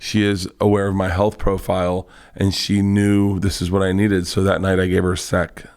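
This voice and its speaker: A man who is a guest comedian, telling a rambling, profane story in casual chat, with quick restarts and lively retelling. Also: deep voice, clear, resonant tone.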